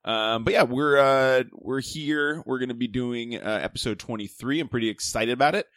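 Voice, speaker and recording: A man's voice: mid-range voice, normal speed, fairly bright tone, no room sound. Male podcast co-host, rambling joker, dry close sound. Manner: rambling, self-correcting, jokey. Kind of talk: casual podcast chat.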